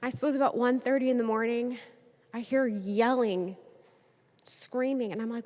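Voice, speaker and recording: A woman's voice: a little high, fairly even intonation, normal speed, a little mellow. A woman legislator giving a floor speech, earnestly recounting a personal story and acting out the quoted lines. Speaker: state legislator. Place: legislative chamber. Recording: long reverb of a large chamber.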